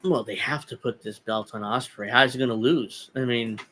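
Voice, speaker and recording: A man's voice: mid-range voice, normal speed, fairly bright tone, a little hiss or hum. A man hosting a casual wrestling podcast, opinionated and rambling, chuckling often as he talks. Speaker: podcast host.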